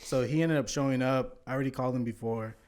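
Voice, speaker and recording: A man's voice: medium pitch, fast talker. A man casually telling a long story on a podcast, swearing often and acting out what people said. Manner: animated, swears often, acts out quotes. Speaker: podcast guest.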